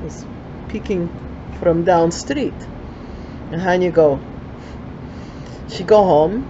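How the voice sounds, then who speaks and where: A woman's voice: fairly low pitch, dark tone, dull audio, a little hiss or hum. An older woman with a Ukrainian accent telling a folksy story in broken English, with chatty asides.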